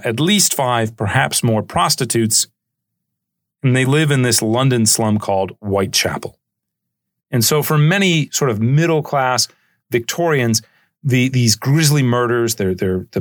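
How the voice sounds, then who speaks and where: A male history podcast host talks through his subject in a relaxed, digressive manner. His voice sits at an ordinary middle pitch. The recording is dry and close, with no room sound. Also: no room sound. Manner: chatty and digressive, with frequent "uh" and "right?". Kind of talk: conversational history lecture.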